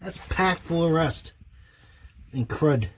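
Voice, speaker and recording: Slow-talking older man narrating boat work. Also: a little high, lively intonation, husky. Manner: slow, dry, self-deprecating, many fillers. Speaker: boat owner doing a motor refit. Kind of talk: casual narration while working. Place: inside a sailboat cabin.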